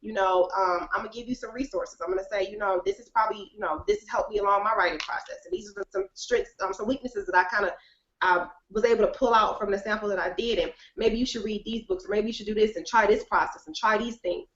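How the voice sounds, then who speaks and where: Animated woman with a roomy lo-fi sound. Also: medium pitch, fast. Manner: expressive, colloquial, laughs often. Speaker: author and editor, guest. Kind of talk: animated casual interview talk. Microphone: video call. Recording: roomy, dull lo-fi video call audio.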